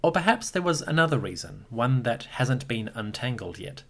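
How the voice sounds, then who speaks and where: Man, podcast host, scripted history narration, animated intonation, wry asides. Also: mid-range voice, normal speed. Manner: lively storytelling with wry asides.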